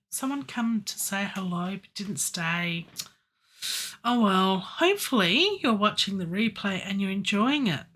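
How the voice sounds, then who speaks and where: A woman's voice: mid-range voice, fairly bright tone. A woman livestreaming from her home studio, chatting playfully to herself and to viewers as she works on a song. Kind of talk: casual live-stream self-talk while producing music.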